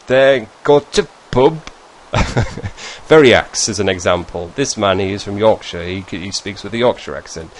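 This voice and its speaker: A vlogger whose voice sits on the low side, with a northern English accent from northeast England, casually talks to his viewers over a screen share, with slight background noise. He tends to ramble, correct himself mid-sentence and throw in chuckling asides.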